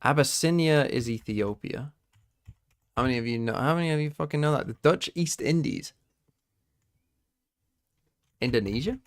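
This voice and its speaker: A young British man live-streams with keyboard clicks in the background, his mid-range voice moving at a moderate pace with long pauses. Casual and sweary, he thinks aloud, quizzes himself and talks to chat.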